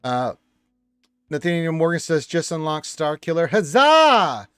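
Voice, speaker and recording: Casual male stream host, lively delivery, dry sound, faint music. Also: moderate pace, clean tone, dry recording. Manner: reads chat aloud with lively swings in pitch and loudness. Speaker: livestream host reading chat. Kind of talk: casual chat.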